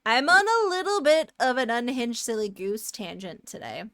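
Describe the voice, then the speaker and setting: A woman streaming a retro adventure game, chatting casually and playfully with her viewers and breaking into loud bursts of frustration. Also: a little high, big pitch swings, moderate pace, no echo, studio quality. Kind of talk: casual live-stream commentary.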